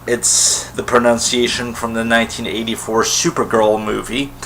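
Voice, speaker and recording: A man's voice: medium pitch, a bit bright, poor audio. A man talking casually to camera in his own vlog, rambling enthusiastically about something he is a fan of, with lots of fillers and restarts. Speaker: vlogger. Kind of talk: casual solo vlog commentary.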